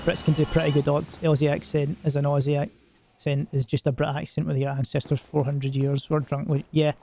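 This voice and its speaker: A man's voice: on the high side, little pitch movement, a little fast, gravelly, dark tone, slight background noise. Rambling, jokey male game streamer. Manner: rambling and joking, lots of filler words. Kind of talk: casual gaming stream commentary.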